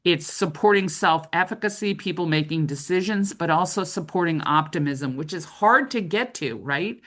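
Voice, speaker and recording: A woman's voice: lowish voice, moderate pace, a bit bright. A middle-aged woman trainer giving a conversational training lecture, often checking in with "right?".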